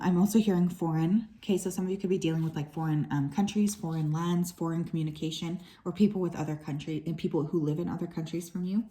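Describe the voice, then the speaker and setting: A woman doing a tarot card reading for her viewers, talking in a relaxed, chatty way with plenty of "um"s and asides. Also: lowish voice. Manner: relaxed and chatty, with frequent fillers and soft asides. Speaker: tarot reader.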